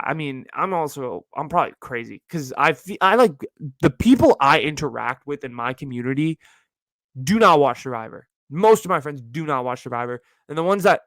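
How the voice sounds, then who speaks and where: A man of twenty-one from Northern California, hosting his own show in a rambling, slangy solo rant that jumps to high, exasperated tones. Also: a bit bright, no echo. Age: early 20s. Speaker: podcast host.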